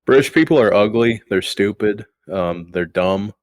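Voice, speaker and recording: A man's voice: fairly low pitch, moderate pace, dry recording. A man hosting a podcast, chatting casually and crudely, bossing his co-hosts around. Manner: crude, joking, bossy with co-hosts. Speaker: podcast host. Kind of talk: casual comedic chat.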